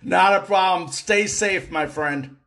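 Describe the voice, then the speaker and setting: A man's voice: high voice, slow pace, fairly bright tone. A male sports show host, earnest and appreciative as he interviews a guest.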